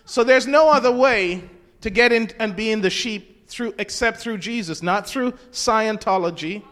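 The sermon comes from a man whose voice sits high, fairly bright in tone and at normal speed. Asking the congregation questions, he quotes scripture in old-fashioned King James language, recorded with a hall's long reverb.

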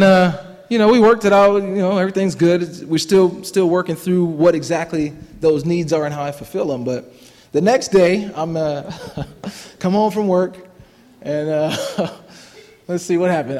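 In a church hall with long reverb, a man in his thirties shares his testimony in a slightly high, somewhat mellow voice. His telling is chatty and self-mocking, with frequent laughs and restarted sentences.

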